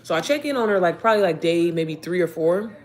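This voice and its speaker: Fast-talking animated woman telling a story. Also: lowish voice. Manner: animated, profane, addresses viewers as y'all and baby. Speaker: online business coach. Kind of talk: casual storytime vlog.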